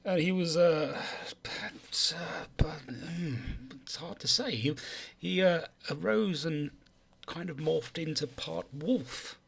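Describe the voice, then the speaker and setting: Casting: a slow, gravelly-voiced man role-playing his character, polite and hesitant. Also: fairly high pitch. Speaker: player. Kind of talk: in-character tabletop role-play.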